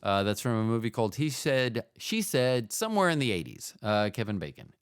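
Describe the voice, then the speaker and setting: Male solo podcast host, rambling and profane, smooth voice, dry booth sound. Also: medium pitch, big pitch swings, a little fast, dry recording. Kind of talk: casual solo monologue.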